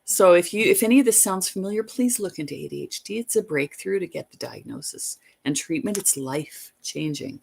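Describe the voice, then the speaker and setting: Low gravelly-voiced woman rambling. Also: lively intonation, brisk, hardly any pauses, darkish tone. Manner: rambling, emphatic retelling. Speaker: livestream host. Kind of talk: casual livestream storytelling.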